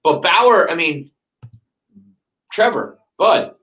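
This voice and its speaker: A man hosting a casual sports podcast, ranting with heavy profanity and lively quoted asides. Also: sits high, takes it slowly, highs cut off. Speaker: podcast host.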